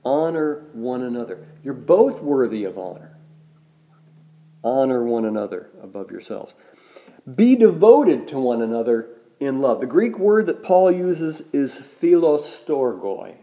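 A man preaching a sermon as a pastor, measured and deliberate, slowing down to stress key words. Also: mid-range voice, sing-song, dark tone.

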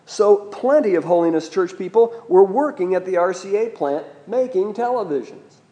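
A man's voice: fairly high pitch, warm tone. A man preaching a sermon, teaching in a conversational way with asides and questions to the listeners.

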